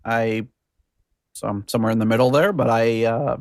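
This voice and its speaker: A man's voice: mid-range voice, normal speed, dry recording, studio quality. A man hosting a music podcast, chatting casually with many fillers and restarts. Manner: relaxed, hesitant with fillers. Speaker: podcast host. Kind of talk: casual chat.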